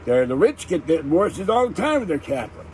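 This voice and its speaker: A man's voice: a little high, sing-song, fairly quick, a little mellow, slight background noise, poor audio. An older man hosting a livestream, ranting irritably in a rambling casual chat. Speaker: livestream host.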